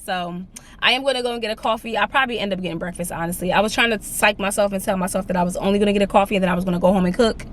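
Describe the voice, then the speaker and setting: Young woman, casual vlog chat, chatty and animated, faint road noise behind. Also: mid-range voice, racing. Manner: chatty and animated, says "like" a lot. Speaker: lifestyle vlogger. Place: in her car, then out on a walk.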